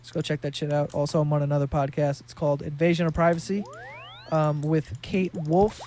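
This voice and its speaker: A man's voice: a little high, flat delivery, a little fast, mellow, soft background music. A man in his twenties hosting a solo podcast, talking in a loose, rambling, profane way with lots of fillers. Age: 20s. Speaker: podcast host.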